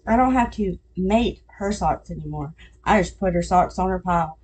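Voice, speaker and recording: Middle-aged woman podcast host, warm low-key tone, chatty storyteller who laughs at her own jokes. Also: moderate pace, husky. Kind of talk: casual chat.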